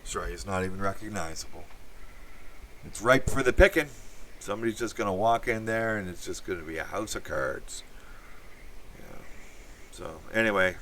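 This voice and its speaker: Brief: lower-voiced man ranting off the cuff, blunt and profane, lots of "you know". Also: normal speed, long pauses, fairly bright tone, a little hiss or hum. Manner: blunt, profane, meandering with many fillers. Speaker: channel host. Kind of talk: rambling opinion monologue.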